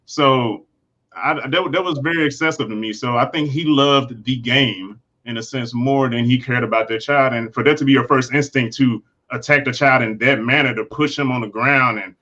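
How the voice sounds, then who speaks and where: A man speaking as a panelist in a casual discussion, thoughtful, with halting restarts. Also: medium pitch, bright, forceful tone, muffled recording.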